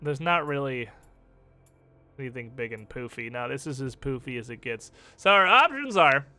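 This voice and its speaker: Soft background music accompanies a dry recording of a young man with a medium-pitched voice at a moderate pace. He's streaming a game, joking and swearing as he animatedly talks through his choices.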